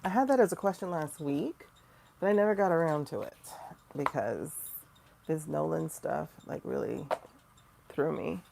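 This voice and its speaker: Gravelly, animated woman reading tarot. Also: low voice, normal speed, pauses often, noisy background. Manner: chatty, animated, talks to viewers by name; mocking asides, sudden loud exclamations. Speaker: tarot reader and livestream host. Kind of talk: casual livestream tarot reading.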